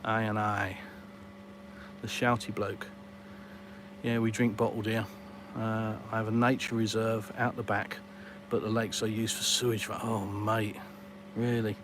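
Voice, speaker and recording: A middle-aged Englishman with an English accent livestreams casually from beside his outdoor pool, answering viewers with lots of fillers and British slang. His voice is fairly low, flat, and a little slow, with noisy background sound.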